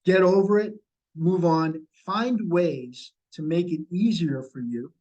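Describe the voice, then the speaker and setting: A man's voice: on the high side, slow pace, a little mellow, lo-fi sound. A middle-aged man leading a sales training session over a video call, coaching and repeating key points. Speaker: real estate sales trainer.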